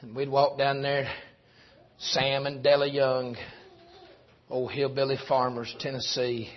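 A man preaching a sermon, shifting from quiet storytelling to shouted preaching. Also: medium pitch, completely flat delivery, unhurried. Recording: dull lo-fi recording.

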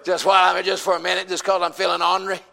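High, bright-voiced Southern preacher. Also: male voice, completely flat delivery, very fast, vocal fry, big-room sound. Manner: folksy, emphatic, calls out to the congregation. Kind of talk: sermon.

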